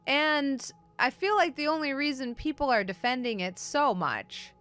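A woman's voice: high-pitched, lively intonation, moderate pace, fairly bright tone. A woman hosting a comic book show, giving a blunt, sarcastic and profane casual review.

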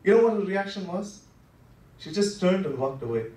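A man preaching a Good Friday sermon in a church, talking conversationally with lots of "you know" fillers, dropping to soft, low asides and then rising with passion. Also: expressive, moderate pace. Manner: swings between soft, low asides and impassioned rises. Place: church worship center. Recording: echoey sanctuary heard from a distance.

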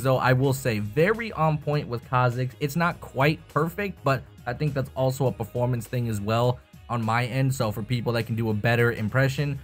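A young man talking casually about voice acting with a voice changer, rambling and swearing. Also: mid-range voice. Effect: voice changer tests. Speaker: YouTuber. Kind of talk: casual tutorial chat.

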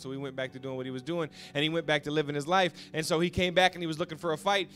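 Male pastor with a high, bright voice, emotional testimony that swings from hush to shout, faint music under him. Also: clear, resonant tone. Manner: swings from hushed storytelling to shouted passion; halting, repeats words when moved. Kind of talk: emotional personal testimony sermon.

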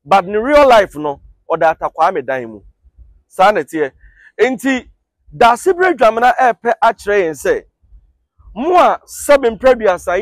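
Ghanaian man, high voice, dry close sound; relaxed host explaining step by step. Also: no echo. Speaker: YouTube host explaining song lyrics. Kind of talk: casual explanatory talk to camera.

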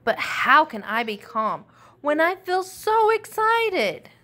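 A woman voicing an excited little boy tiger cub, speaking high, eager and bouncy. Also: slow pace.

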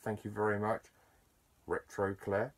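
A man talking casually to camera as a YouTuber, chatty and enthusiastic, with bursts of excitement and self-deprecating asides. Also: lowish voice, unhurried. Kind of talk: casual to-camera vlog talk.

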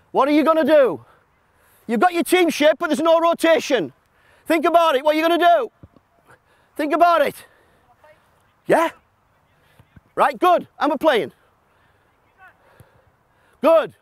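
A man coaching a football session. He shouts instructions to players and explains the system to watching coaches in a blunt, joking way. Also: dry recording. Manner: shouting instructions to players on a pitch, then explaining quietly to an audience. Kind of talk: coaching session with live demonstration. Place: outdoor football pitch.

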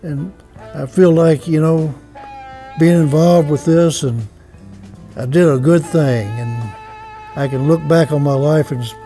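Slow, halting older Mississippi man. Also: on the high side, warm tone, faint music behind. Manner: halting, searching for words, moved. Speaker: award recipient. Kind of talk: heartfelt acceptance speech.

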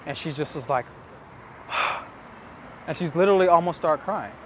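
Guy telling dating stories to camera, kinda high voice, keeps repeating himself for emphasis, city noise behind. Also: a little slow. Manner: earnest, intimate, repeats phrases for emphasis. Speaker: dating coach. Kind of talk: casual storytelling to camera.

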